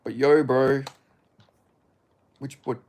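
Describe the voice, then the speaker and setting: A man's voice: medium pitch, fairly even intonation, slow pace, darkish tone. An Australian man streaming and reading chat aloud, with blunt, profane, laid-back banter. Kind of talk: casual livestream chat.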